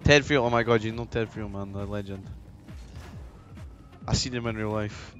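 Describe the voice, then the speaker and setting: Excitable Scottish man streaming. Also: on the low side, moderate pace, highs cut off. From Scotland. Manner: excitable, swears freely, bursts into laughter. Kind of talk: live-stream chat while gaming. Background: faint music.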